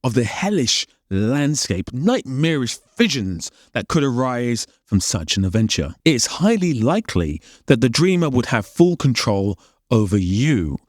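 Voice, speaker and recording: A man's voice: medium pitch, big pitch swings, measured pace, no room sound, studio quality. A man narrating a comedic film critique, firing off exasperated, incredulous questions. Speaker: film commentator.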